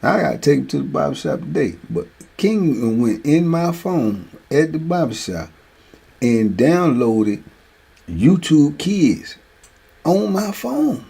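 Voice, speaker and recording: A middle-aged man hosting a streamed show, telling lively stories in a casual way, laughing often and tagging lines with "man.". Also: fairly high pitch, slow, gravelly, breathy edge. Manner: animated, laughs often, repeats "man" a lot. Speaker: show host. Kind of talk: casual storytelling chat. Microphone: streaming mic.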